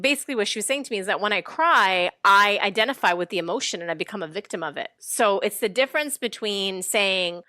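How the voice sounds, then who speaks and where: Bright, animated woman host. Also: medium pitch, fast, few pauses, dry recording, studio quality. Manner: animated storytelling, laughs often. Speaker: podcast host. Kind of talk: casual chat.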